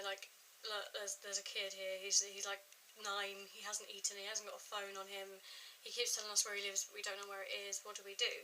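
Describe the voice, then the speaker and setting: Chatty young woman, bright voice. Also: medium pitch, slight background noise, low-quality recording. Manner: chatty, full of "like" and quoted dialogue. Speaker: vlogger. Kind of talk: casual storytime vlog.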